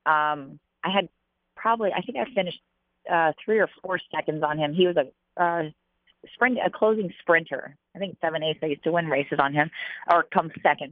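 A woman's voice: low-pitched, no room sound. A woman jockey being interviewed, telling stories chattily with lots of fillers. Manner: chatty, animated, with many fillers. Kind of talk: casual interview storytelling. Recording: dry, tinny phone-like line.

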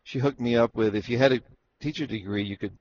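Talking fast in a mid-range voice, a onetime jockey from Arizona spins yarns about his racing career in a casual interview. He's an animated teller who voices the people in his stories. Expect a dull lo-fi recording with faint noise.

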